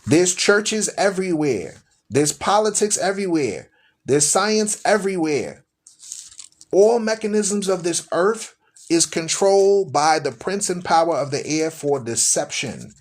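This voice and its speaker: A man's voice: high-pitched, expressive, measured pace. A man hosting a live-streamed show, preaching emphatically with rhetorical questions, mockery and scripture read aloud. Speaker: host.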